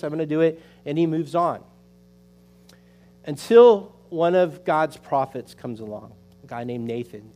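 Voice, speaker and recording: Man, pastor type, conversational sermon, slightly high voice, lots of "you know.". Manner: storytelling, animated with conversational fillers.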